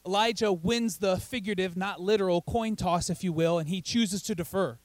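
High-voiced man preaching. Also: a little fast, hardly any pauses, no echo, low-quality recording. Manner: conversational, animated, keeps asking "right?". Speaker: pastor. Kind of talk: sermon.

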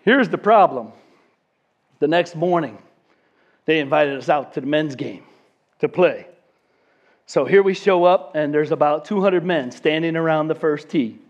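A man's voice: on the high side, unhurried, long pauses, highs cut off. A man in his fifties telling a long story in a sermon and acting out the people in it.

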